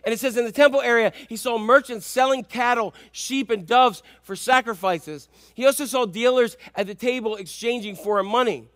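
A male pastor with a high voice delivers an animated sermon. He tells stories, drops to hushed asides and then bursts into shouts. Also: normal speed, hardly any pauses, no room sound.

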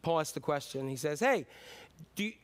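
A man preaching a sermon as pastor, telling stories in a casual, animated way with sudden whoops and cheers. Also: on the high side, normal speed.

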